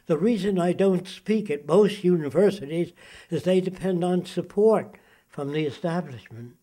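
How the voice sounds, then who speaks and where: Older man, interviewee, lectures with rhetorical questions, somewhat high voice. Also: normal speed, dark tone. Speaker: interviewee, futurist. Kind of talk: interview monologue.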